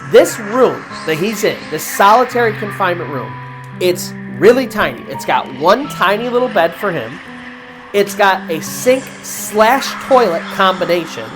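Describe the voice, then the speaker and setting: A woman host recounts a ghost story in relaxed, chatty narration. She slows and drops her voice at the tense moments. Faint music plays under her speech. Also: medium pitch. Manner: conversational, with fillers and restarts, dramatic pauses. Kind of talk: casual spoken horror story narration.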